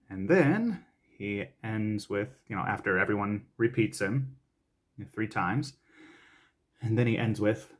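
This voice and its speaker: A man's voice: on the low side, expressive, unhurried, pauses often. A man who is a voice actor, casually coaching tongue twisters on camera in a playful way, laughing often and reciting the lines with rising energy.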